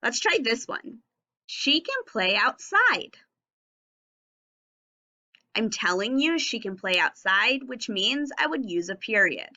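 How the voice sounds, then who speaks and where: In a recorded lesson for young children on phonics and punctuation, a woman speaks slowly, enunciating every word and sound clearly. Her voice is on the high side and animated, and the audio is dull.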